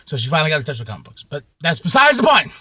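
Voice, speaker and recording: A man telling a rambling story to camera in a casual, profane way, with sudden shouts and many repeats. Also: fairly high pitch, huge pitch swings, rapid-fire, breathy edge, no echo. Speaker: vlogger.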